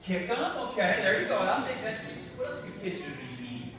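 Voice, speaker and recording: A man's voice: sits high, sing-song, fairly quick, noisy background. A man giving a homily to children in church, chatty and coaxing as he asks them questions. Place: large church. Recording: echoey church from far off.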